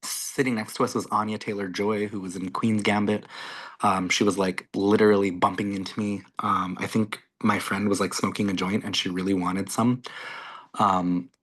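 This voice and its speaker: A Canadian man, a content creator speaking as a guest, chatting casually and excitedly on a video call, full of "like" and "you guys". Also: lowish voice, moderate pace.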